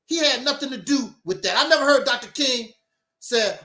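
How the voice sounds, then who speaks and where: A man hosts his own talk program, giving an opinionated, preachy monologue full of emphasis and mocking asides. His voice is extremely high, bright, and animated, with a forceful tone at a moderate pace. The sound is reverberant.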